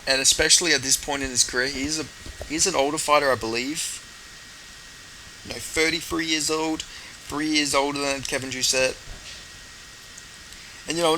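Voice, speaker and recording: A man talks through fight predictions in casual, rambling chat and swears freely. His voice is bright and forceful. A faint noise sits underneath. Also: mid-range voice, poor audio.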